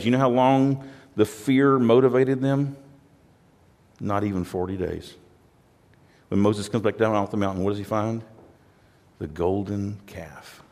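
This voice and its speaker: A man's voice: fairly low pitch, darkish tone. A male pastor preaching a sermon in a plain-spoken way, often repeating words and acting out quoted voices.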